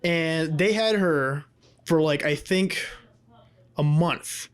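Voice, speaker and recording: A man's voice: a little high, takes it slowly, clean tone. A man co-hosting a casual podcast, talking in a rambling, profane way with many restarts. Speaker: podcast co-host.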